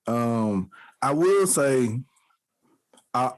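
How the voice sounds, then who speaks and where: A man's voice: medium pitch, drawn-out words. A man co-hosting a podcast, telling stories in a casual chat, acting out the people in them and laughing often. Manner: animated storytelling, mimics voices and laughs often. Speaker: podcast co-host.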